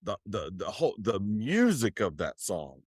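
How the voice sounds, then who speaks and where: A man co-hosting a casual podcast chat, halting and restarting often as he talks over a beer. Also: lowish voice, huge pitch swings, no echo, studio quality. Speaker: podcast co-host, guest.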